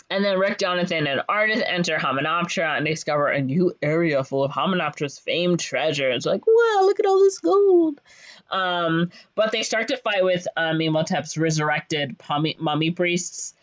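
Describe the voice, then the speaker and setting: On a podcast with dull, lo-fi, dry audio, a woman with a low, fairly bright voice co-hosts a movie recap at a moderate pace. She's playful and casual, full of ums and likes and jokey voiced-out lines.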